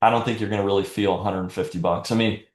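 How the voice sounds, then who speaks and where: A man's voice: lowish voice, steady tone, very fast, roomy sound. A man giving a live sales training talk in a direct, coaching manner.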